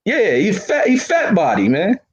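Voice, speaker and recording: Brief: slightly high-voiced man, blunt, opinionated, casual street slang. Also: wildly swooping pitch, normal speed, over a noisy crowd, poor audio. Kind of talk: casual boxing chat.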